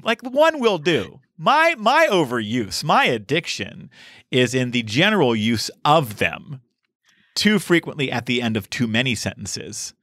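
Podcast host guy, lively voice that jumps around, laughs a lot, dry close mic. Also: mid-range voice, a little slow, dry recording. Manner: animated, laughs easily. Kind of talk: casual podcast chat.

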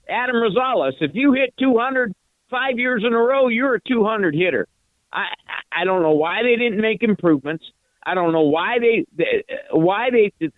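A man's voice: sits high, dry recording. An older man calling in to a sports radio show, ranting in frustration and tripping over repeated words. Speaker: radio call-in listener. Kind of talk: angry fan phone call. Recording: tinny phone line.

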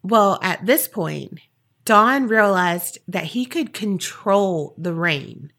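A woman's voice: medium pitch, lively intonation, slow pace, fairly bright tone. A woman podcast host telling a story in a chatty, casual way with wry asides.

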